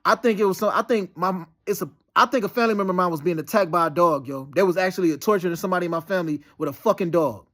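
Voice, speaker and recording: A man's voice: high-pitched, very fast, hardly any pauses, fairly bright tone. A man talking in a rambling, profane, heated and insistent monologue. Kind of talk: casual monologue.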